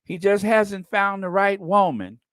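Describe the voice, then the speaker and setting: A man's voice: high voice, expressive, measured pace, fairly bright tone, no echo. A man hosting a casual commentary vlog, joking and hesitant with many ums and restarts. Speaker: channel host.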